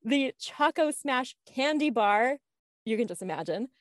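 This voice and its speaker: Bubbly higher-voiced woman co-host. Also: expressive, a little slow, no echo, clean studio sound. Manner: bubbly, giggly, enthusiastic. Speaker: podcast co-host. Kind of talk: casual chat and news roundup.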